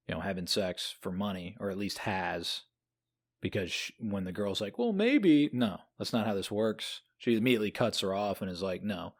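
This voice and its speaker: A man co-hosting a podcast, talking through a novel in a lively, rambling way. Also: low voice. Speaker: podcast co-host. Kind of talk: casual book discussion.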